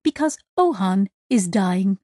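A woman voicing a grave male alien ship's doctor who explains things slowly. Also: medium pitch, expressive, dark tone, dry recording, clean studio sound.

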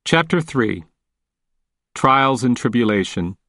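A man narrating a first-person memoir as an audiobook, reading in a measured, earnest way. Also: mid-range voice, lively intonation, a bit bright, no room sound, studio quality. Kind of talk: scripted narration.

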